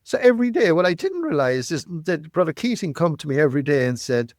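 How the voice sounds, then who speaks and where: A man, telling life stories as a podcast guest, animated and repeating words, often tagging lines with "right?". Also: fairly high pitch, fast, no echo, studio quality. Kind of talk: storytelling interview.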